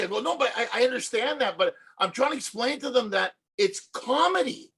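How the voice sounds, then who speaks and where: A man's voice: very high-pitched, fairly quick, husky. A man who is a comedian from Canada, telling stories and jokes animatedly in a casual podcast chat. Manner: animated joke-telling storyteller. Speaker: comedian and co-host.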